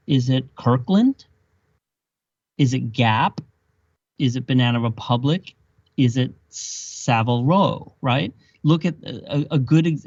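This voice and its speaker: A man's voice: medium pitch, darkish tone, no echo. A man as a podcast guest, making his points emphatically with chains of rhetorical questions. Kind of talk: explanatory conversation. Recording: dull dry lo-fi sound.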